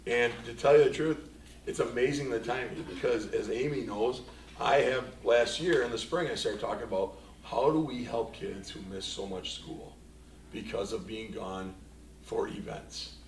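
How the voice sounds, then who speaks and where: Rambling superintendent in an echoey room. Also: male voice, mid-range voice, normal speed, slight background noise. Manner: rambling anecdotal storytelling, quoting himself and others. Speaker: school superintendent. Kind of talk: board meeting report. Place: meeting room. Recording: echoey room, distant mic, faint ambience.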